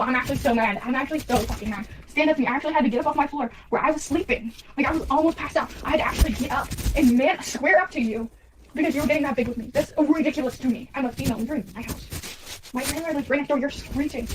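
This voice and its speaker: A woman's voice: high-pitched, noisy background. A woman ranting angrily and repetitively during a recorded phone call, confronting someone. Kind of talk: heated phone rant.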